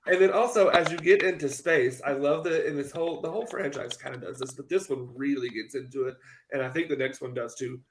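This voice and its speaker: A man's voice: medium pitch, a little fast, noisy background. A man sharing thoughtful opinions on a podcast, hesitating and restarting as he goes. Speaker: podcast co-host. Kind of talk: casual chat.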